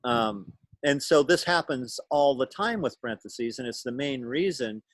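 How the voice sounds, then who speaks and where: A man's voice: medium pitch, lively intonation, normal speed, no echo. A man teaching a class over a video call, explaining things patiently and thinking aloud as he goes. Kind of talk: lecture to a class.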